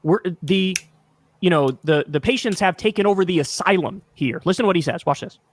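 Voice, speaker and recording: A man's voice: sits high, fairly quick, a little hiss or hum. A man hosting a reaction video, giving exasperated, profane and emphatic political commentary.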